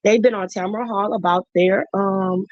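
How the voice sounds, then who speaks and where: A woman's voice: mid-range voice, steady tone, moderate pace, darkish tone, no echo. A middle-aged woman hosting a livestream, chatting casually and effusively with her viewers. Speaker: livestream host. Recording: dull dry lo-fi sound.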